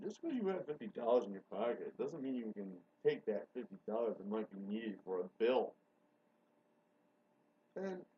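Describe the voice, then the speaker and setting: A man hosting a rambling solo show, excitable and profane, swinging between low mutters and sudden loud outbursts. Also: husky. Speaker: show host. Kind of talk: rambling monologue. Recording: dull lo-fi recording.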